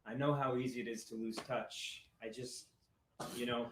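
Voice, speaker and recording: A man playing an insistent divorced father who is quick to anger, in acted drama dialogue. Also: medium pitch, steady tone, a bit bright, lightly acted. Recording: roomy with faint noise.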